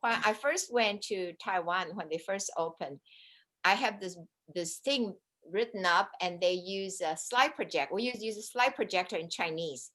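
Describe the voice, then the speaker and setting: A woman co-hosts a relaxed interview over a video call. She tells stories with quick asides and chats in an easy, mid-pitched voice. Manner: chatty storyteller, quick asides. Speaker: co-host, interviewer.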